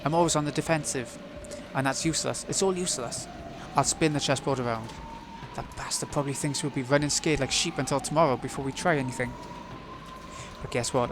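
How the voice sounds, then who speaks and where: A man's voice: mid-range voice, background noise, close to an everyday voice. A man reading a visual novel aloud, voicing a grieving, hot-headed young man who makes bitter, defiant outbursts.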